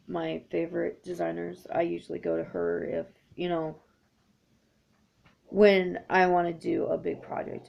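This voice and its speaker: A woman's voice: on the low side, gravelly, a little mellow. A woman in her thirties chatting casually to camera as a needlework vlogger, rambling with lots of ums. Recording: dull lo-fi home recording.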